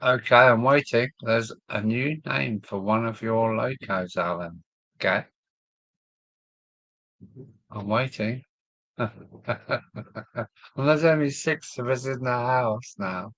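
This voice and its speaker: A man's voice: medium pitch, slow pace, long pauses, fairly bright tone, dry recording. A man from Kent with a southern English accent, chatting casually on a hobby live stream and musing aloud, trailing off with lots of ums. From Kent, England. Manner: rambling, musing aloud with many fillers. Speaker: model railway live stream host. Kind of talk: casual chat reading viewer comments.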